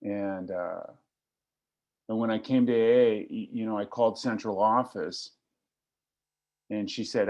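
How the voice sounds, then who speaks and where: A man's voice: lowish voice, fairly even intonation, unhurried, long pauses, darkish tone. A middle-aged man telling his personal recovery story to a meeting, in a wry, self-deprecating, joking way. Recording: slightly lo-fi recording.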